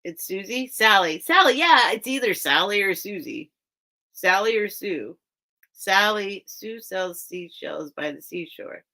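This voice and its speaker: A woman's voice: medium pitch, animated, measured pace, pushed and bright. A woman hosting a live vintage sale stream, rambling and interrupting herself in casual chat. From grew up by the beach. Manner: rambling, self-interrupting, chatty.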